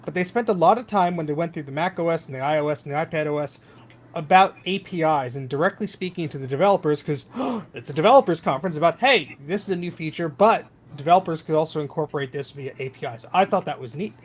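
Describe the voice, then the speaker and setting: A man's voice: fairly high pitch, expressive, quick pace. A man hosting a casual tech podcast, chatty and loose, joking and filling his talk with ums and restarts.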